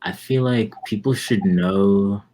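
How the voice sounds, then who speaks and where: Speaking slowly in a lowish voice, this twenty-something musician is a guest in a casual interview. He rambles easily and leans on lots of fillers.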